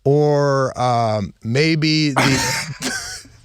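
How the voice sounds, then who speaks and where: A man's voice: on the high side, drawn-out words, clear, resonant tone, no room sound, studio quality. A man from the American Midwest hosting a comedy radio call-in show, joking and telling stories as he answers a caller. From Midwestern United States. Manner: joking, animated, storytelling. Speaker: comedian host. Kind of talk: casual radio banter.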